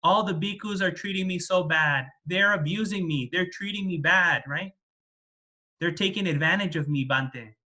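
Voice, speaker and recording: A man's voice: high voice, normal speed, pushed and bright, heavily acted. A man voicing a proud young male monk who complains tearfully that everyone mistreats him. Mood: whining.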